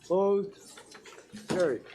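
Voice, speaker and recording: A man chairing a county board meeting, briskly calling motions and votes. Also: high-pitched, dark tone, a little hiss or hum. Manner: brisk procedural calls for votes.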